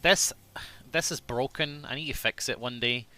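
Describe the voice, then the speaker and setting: A man's voice: mid-range voice, normal speed, sharp tone. A man chatting casually on a live game stream, rambling, self-deprecating and swearing freely, sometimes muttering to himself.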